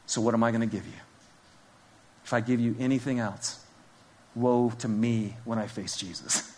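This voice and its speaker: A man preaching a sermon to a church congregation, talking casually and directly to the crowd, dropping to hushed whispers and rising to loud urgent emphasis. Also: medium pitch, fairly even intonation, moderate pace. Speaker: pastor.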